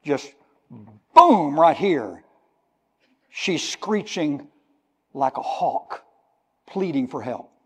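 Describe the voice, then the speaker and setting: An older male preacher delivers a sermon with emphatic, drawn-out phrasing, unpacking Greek words as he goes. His voice sits a little high for a man and carries the long reverb of a church sanctuary. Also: very animated, breathy edge.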